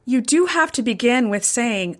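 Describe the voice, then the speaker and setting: A woman co-hosting an apologetics discussion, talking in a measured, gentle way as she reasons a question through. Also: on the high side, lively intonation. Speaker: podcast co-host.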